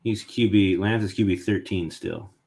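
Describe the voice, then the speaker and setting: Low-voiced man rambling through sports talk. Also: fairly even intonation, normal speed. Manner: rambling, thinks out loud. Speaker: podcast host. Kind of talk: casual sports chat.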